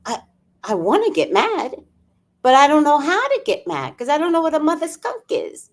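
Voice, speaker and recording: A woman's voice: high-pitched, huge pitch swings, normal speed. A woman hosting a casual livestream, chatting with viewers, laughing often and greeting people by name. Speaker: livestream host.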